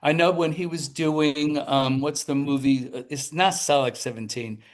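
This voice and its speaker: A man in his seventies, a talk show guest telling lively anecdotes, acting out the people in his stories as he goes, with some quick bursts and restarts. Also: a little high. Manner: animated storyteller who acts out the people in his tales. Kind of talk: anecdotal storytelling.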